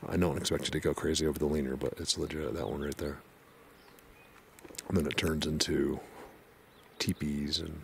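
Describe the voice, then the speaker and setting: A man vlogging outdoors on a mountain road, rambling excitedly to his viewers from a helmet camera. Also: deep voice, vocal fry, slight background noise. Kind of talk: casual outdoor vlog.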